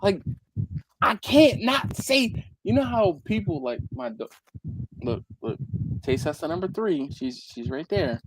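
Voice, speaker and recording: A man with a Philadelphia accent tells stories in a loose, unhurried way, his pitch rising and falling a great deal. He laughs often and circles back over his words as he chats on a live barbecue stream, with a faint hiss behind him. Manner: animated storyteller, laughs often, repeats himself. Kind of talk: casual storytelling chat.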